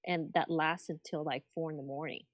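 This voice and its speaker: Woman, convention organizer, from California, fairly low voice, animated, dry recording. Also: moderate pace, dry recording. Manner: animated recollection, frequent fillers and restarts. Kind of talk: casual interview chat.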